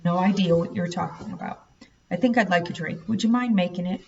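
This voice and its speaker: A woman's voice: on the low side, fairly quick, a little mellow, slight background noise, lightly acted. An angry, worn-out father from a storybook, as a woman reads him aloud. He speaks sternly and snaps at those around him. The recording sounds muffled and set back from the mic. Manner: stern, snapping. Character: angry, weary middle-aged father. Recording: dull, slightly distant recording.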